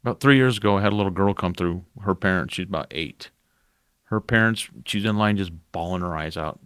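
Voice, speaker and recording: Low voiced guy, talks fast, rambly stories about scaring people, dry sound. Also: fairly bright tone, no echo. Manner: quick, rambling storytelling. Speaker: podcast guest, haunted house actor. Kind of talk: casual chat.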